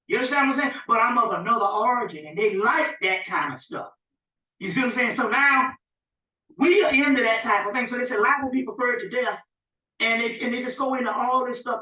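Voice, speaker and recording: High bright-voiced guy lecturing, rambly and animated, far off the mic, dull lo-fi sound. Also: a little fast. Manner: rambling, animated, often asks "you see what I'm saying". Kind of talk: informal spiritual lecture. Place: rented lecture room with a small audience. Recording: dull, echoey room recording from a distance.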